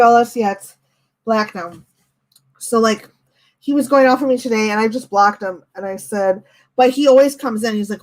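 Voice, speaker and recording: Young woman venting on a live stream. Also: fairly high pitch. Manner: venting, talking with chat; animated, quotes others in her own voice. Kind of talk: casual live-stream chat.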